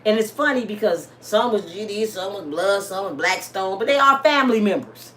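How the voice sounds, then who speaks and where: A woman with an African American Vernacular English accent, telling a dramatic personal story to her listeners in a casual, lively way. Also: mid-range voice, normal speed, a little hiss or hum. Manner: dramatic, addresses listeners as y'all. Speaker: storyteller host.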